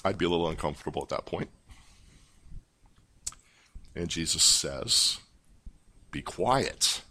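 A man preaching a sermon, teaching through a Bible passage in a measured, emphatic way. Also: deep voice, sharp tone. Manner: measured, emphatic teaching delivery with pauses and restarts. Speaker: pastor. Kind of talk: expository sermon.

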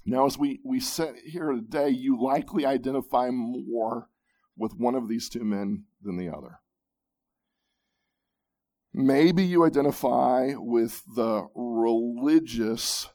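A man preaching a sermon, emphatic, with dramatic pauses, at times dropping to a near-whisper. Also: mid-range voice, darkish tone. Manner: repeats words when restarting. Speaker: pastor.

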